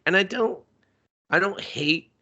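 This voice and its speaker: Profane, animated man co-hosting a podcast. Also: unhurried. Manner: animated, profane, jumps to high pitch for jokes. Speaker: podcast co-host. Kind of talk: casual movie review chat.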